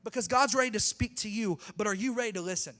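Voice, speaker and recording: High-voiced youth pastor preaching in a hall. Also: male voice, quick pace, pushed and bright. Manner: casual, slangy, joking with the crowd. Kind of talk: sermon. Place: church hall with youth audience.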